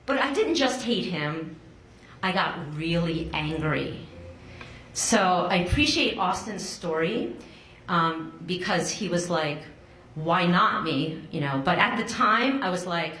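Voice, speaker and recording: Middle-aged woman, live storyteller, conversational and animated, roomy hall sound. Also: a little slow, slight background noise. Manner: animated, chatty, acts out quotes with big pitch jumps. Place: stage before a live audience. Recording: roomy live stage sound with faint ambience.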